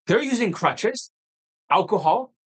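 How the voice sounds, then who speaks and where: A man's voice: high-pitched, unhurried, breathy edge, poor audio. Blunt, profane man ranting on a livestream. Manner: excitable, rising into heated outbursts. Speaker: dating coach hosting a livestream. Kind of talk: unscripted livestream rant.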